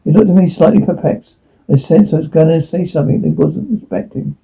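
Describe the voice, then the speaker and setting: A man's voice: fairly high pitch, brisk, creaky, mellow, husky. A man telling a rueful first-person story from his youth, self-deprecating in tone. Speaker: narrator. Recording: tinny phone-like line.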